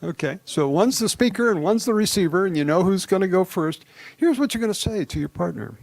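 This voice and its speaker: A man leading a live congregation through a guided exercise, relaxed and chuckling, slowing down to speak each phrase deliberately. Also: high-pitched, gravelly, no room sound. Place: gathering hall with a live audience.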